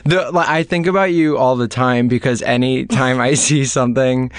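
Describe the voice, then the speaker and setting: A man's voice: medium pitch, steady tone, moderate pace, clean tone, no echo. A man who is a guest on a podcast, chatting in a casual, amused way. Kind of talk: casual chat.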